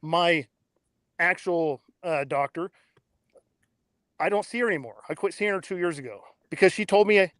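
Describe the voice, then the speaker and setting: Man, 30s, podcast guest, blunt excitable storytelling, fairly high voice, dry close sound. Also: normal speed, long pauses, no echo. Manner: blunt, excitable, swears freely. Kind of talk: casual interview storytelling.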